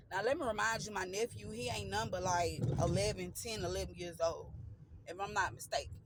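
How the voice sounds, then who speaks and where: A woman casually telling a story to her viewers, loose and animated, full of slang and acting out the people she quotes. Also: medium pitch, a little fast, poor audio.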